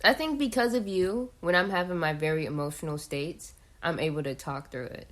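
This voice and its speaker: A young woman in a relaxed chat who speaks softly, probing with gentle questions. Her voice sits a bit low. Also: a little fast. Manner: soft-spoken, questioning. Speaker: podcast co-host. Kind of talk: casual chat.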